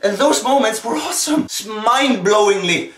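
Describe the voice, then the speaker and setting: A young man from Sweden with a Swedish accent, gushing and swearing through an excited rant about a co-op game. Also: high-pitched, normal speed. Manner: animated, swears a lot, gushing. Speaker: video game ranter. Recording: echoey room, distant from mic.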